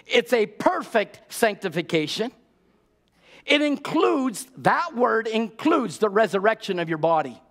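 A man's voice: high voice, sing-song, a little slow, a bit bright. A man preaching a sermon to his congregation, urgent and exhorting, repeating key words and asking rhetorical questions. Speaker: pastor.

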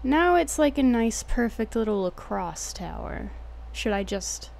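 A woman's voice: a little high, animated, unhurried, creaky, a little mellow, slight background noise. A young woman with a Texan accent chatting casually and jokingly while streaming a game, slangy and swearing freely. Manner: laid-back, jokey, slangy, swears casually. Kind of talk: casual gameplay commentary.

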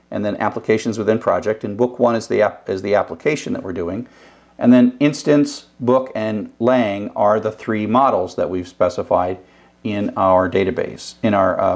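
A man's voice: fairly low pitch, vocal fry, darkish tone. Older guy teaching code, casual lecture voice, restarts a lot. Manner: casual, thinking aloud with restarts. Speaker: programming instructor. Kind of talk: recorded lecture.

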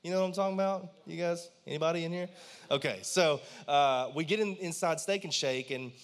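A man's voice: on the high side, brisk. Pastor in his thirties, conversational preacher who keeps asking the congregation to respond. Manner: conversational and animated, asks the congregation questions. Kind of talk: sermon. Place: church.

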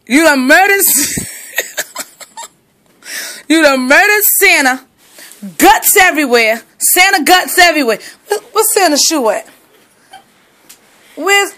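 A woman's voice: very high voice, lively intonation, slow, pauses often, sharp tone. A woman filming her dog at home on a phone, mock-mourning a chewed toy and scolding the dog with theatrical drama. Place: at home indoors.

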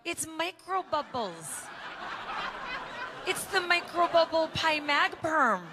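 High-voiced woman joking on stage. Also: very animated, takes it slowly. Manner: joking, self-mocking. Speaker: event emcee. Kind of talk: stand-up style stage hosting. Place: conference stage before an audience. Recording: live event with crowd and noise.

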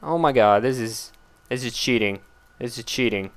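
A man giving casual gameplay commentary, blurting out excited exclamations and complaints at the game as he plays. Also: medium pitch, normal speed. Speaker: let's play gamer.

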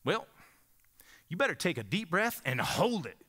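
A man voicing a gruff ex-Marine male Greek professor with a thick Southern accent, barking at his class like a drill sergeant. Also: a little high, wildly swooping pitch, normal speed, pushed and bright, exaggerated voice. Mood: dry.

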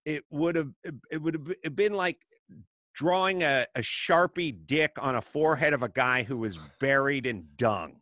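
A man's voice: a little high, moderate pace, no echo, clean studio sound. A middle-aged man hosting a podcast, telling comedic stories and acting out the people in them. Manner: animated, acts out voices in anecdotes. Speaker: podcast host. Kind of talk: casual comedic storytelling.

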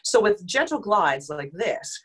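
Woman vocal coach, mid-pitched, instructive, demonstrating glides and hums, a touch dry. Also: big pitch swings, a little slow, breathy edge, rough recording. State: slightly dry voice. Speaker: voice teacher. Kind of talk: online group vocal exercise lesson.

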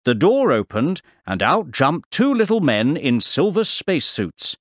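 A man playing a professor who tells children what he saw, in a slow, clear and very expressive storytelling voice. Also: a little high, dry recording, studio quality. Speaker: voice actor on a course audio CD. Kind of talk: scripted storytelling for young learners. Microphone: close studio mic, dry.

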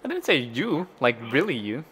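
A man hosting a casual gameplay session, excitable and laughing, yelping at crashes. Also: fairly high pitch, normal speed. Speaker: gameplay host.

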